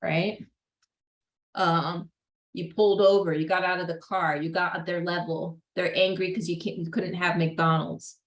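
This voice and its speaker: A woman's voice: lowish voice, little pitch movement, unhurried. A young adult woman giving a casual psychology lecture in a classroom, chatty, full of "like" and "right?", acting out what parents say. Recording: roomy echo.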